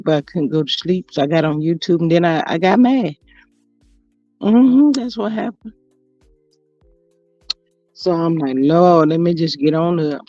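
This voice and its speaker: A woman's voice: sits low, darkish tone, no room sound. A woman hosting a casual livestream, chatty and sassy, greeting her viewers by name. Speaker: YouTube livestream host. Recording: dull lo-fi audio with faint music.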